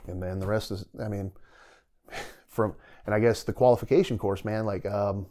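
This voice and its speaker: A middle-aged man with a somewhat low voice tells his own story as a guest on a podcast. He talks casually and with animation, acting out the voices of people he quotes. He laughs readily as he goes. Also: moderate pace. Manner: animated storyteller who acts out quoted dialogue and laughs often. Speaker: podcast guest, retired soldier.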